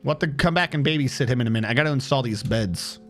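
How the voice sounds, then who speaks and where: A man's voice: medium pitch, very fast, a bit bright, faint music behind. A man streaming a strategy game, chatting casually and reading in-game text aloud with wry, sarcastic asides. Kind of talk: casual gameplay commentary.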